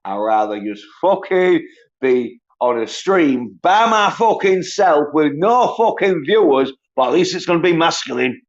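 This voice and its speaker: A man rants alone on a livestream, swearing constantly and dragging out his words slowly. His voice sits a little high for a man. The stream audio is dull and lo-fi. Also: sing-song. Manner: profane, ranting, mocks others in high whiny voices. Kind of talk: angry solo livestream rant.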